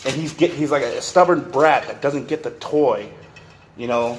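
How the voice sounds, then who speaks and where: A man's voice: mid-range voice, normal speed, reverberant, a little hiss or hum. A man ranting to camera in a workshop, rambling, repeating himself and cursing as he goes. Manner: rambling, profane, repeats and restarts. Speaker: vlogger. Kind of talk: rant to camera.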